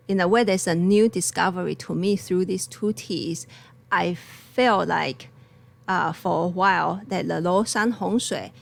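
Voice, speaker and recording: Gravelly-voiced woman chatting about tea. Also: mid-range voice. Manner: laughs often, loose non-native grammar. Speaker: tea shop co-host. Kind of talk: casual live-stream chat.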